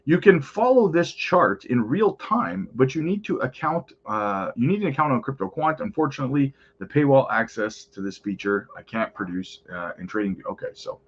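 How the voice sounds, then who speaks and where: A man's voice: medium pitch, very animated, normal speed, hardly any pauses, husky, lo-fi sound. A man hosting a crypto channel, chatting casually over market charts and often calling out to his viewers.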